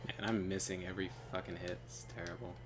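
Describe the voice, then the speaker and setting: A man's voice: low voice, quick pace, noisy background. A man telling a story while gaming, laughing often and swearing casually. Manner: laughs often, animated, loose and profane. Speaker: gaming channel co-host.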